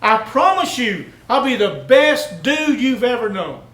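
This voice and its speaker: A man's voice: extremely high pitch, big pitch swings, a little slow, a bit bright, reverberant, voice pushed up, full character voice. A man voicing a panicked man who clings to a branch over a cliff and screams for help. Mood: frantic pleading. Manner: screaming, begging, breathless promises.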